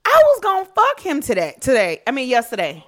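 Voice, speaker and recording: High-voiced blunt woman storyteller. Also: brisk. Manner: blunt, profane, animated storytelling. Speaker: podcast co-host. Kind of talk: casual chat.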